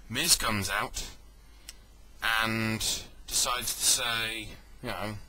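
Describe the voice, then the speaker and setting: Rambling man with a very bright voice. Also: lowish voice, fairly even intonation, extremely slow, a little hiss or hum, low-quality recording. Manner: rambling, self-correcting, jokey asides. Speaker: wrestling event reviewer. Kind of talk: casual spoken review.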